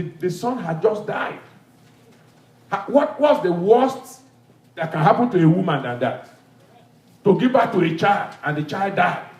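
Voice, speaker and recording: A male pastor preaching an emphatic, repetitive sermon with call-and-response, in a church hall. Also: very high voice.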